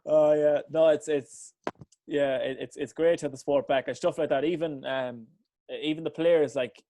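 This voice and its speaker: A man hosts a casual podcast chat, laughing often and tripping over his words. His voice sits a little high, and the recording is dry and close with no room sound. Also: steady tone, normal speed, warm tone, no room sound. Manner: laughing, stumbling restarts. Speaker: podcast host.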